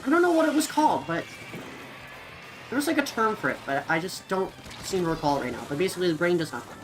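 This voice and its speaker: A woman's voice: on the low side, quick pace, soft background music, low-quality recording. A young woman streaming a game and chatting casually with viewers in a rambling style, full of fillers. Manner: rambling, filler-heavy, lively.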